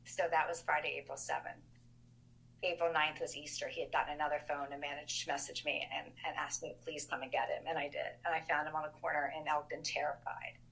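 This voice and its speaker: A woman, the older sister of a missing man, recounting events in an interview in an emphatic, animated way. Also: low voice, fast, vocal fry, poor audio.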